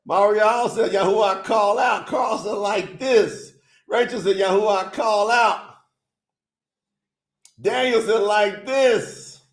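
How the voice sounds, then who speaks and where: A man's voice: sits high, takes it slowly, roomy sound. An upbeat man hosting a casual livestream, chatting with viewers and reading their comments aloud. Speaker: livestream host.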